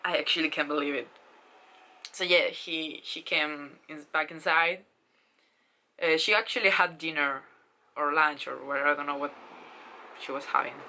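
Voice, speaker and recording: A woman in her twenties telling a story in a casual vlog, excited and gushing, with lots of fillers and swearing. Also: deep voice, normal speed, long pauses, low-quality recording. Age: 20s. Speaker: vlogger.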